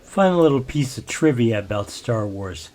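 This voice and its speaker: A man's voice: mid-range voice, animated, measured pace, a little mellow. An older man giving rambling, self-deprecating commentary as a let's play host. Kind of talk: casual gameplay commentary.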